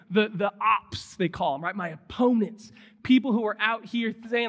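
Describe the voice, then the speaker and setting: Man pastor in his thirties, high voice, lively casual preaching, long church reverb. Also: normal speed. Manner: animated, conversational preaching. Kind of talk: sermon. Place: church sanctuary.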